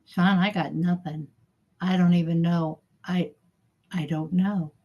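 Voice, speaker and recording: A woman's voice: lowish voice, steady tone, unhurried, warm tone, lo-fi sound. A middle-aged woman chatting casually on her livestream, heckling and giggling as she reads viewers' comments. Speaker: livestream host.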